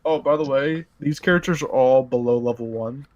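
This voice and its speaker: A man, the game master, casually retelling his tabletop role-playing session in an animated, rambling way. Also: medium pitch, moderate pace, dull audio. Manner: rambling, animated, lots of filler and restarts.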